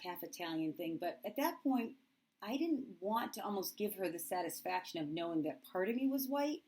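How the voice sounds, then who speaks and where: Expressive woman telling a personal story. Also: lowish voice. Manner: candid and expressive, acts out remembered dialogue. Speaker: middle school teacher.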